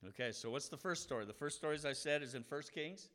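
A man's voice: fairly high pitch, quick pace, few pauses, a bit bright. A man preaching a conversational Bible lesson, explaining scripture in a casual, explanatory way and acting out the voices of people in the story.

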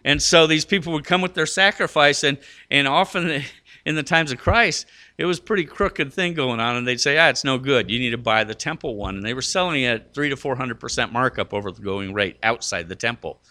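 A middle-aged man preaching with a bright, forward tone at an ordinary pitch. He talks earnestly and conversationally, restarting phrases and using fillers. He climbs to emphatic peaks to stress a point. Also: brisk. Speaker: pastor. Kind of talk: sermon.

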